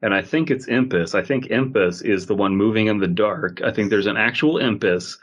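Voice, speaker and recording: A man's voice: on the low side, normal speed, highs cut off. A man co-hosting a podcast, rambling and stammering through jokes. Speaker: podcast co-host. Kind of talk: casual chat.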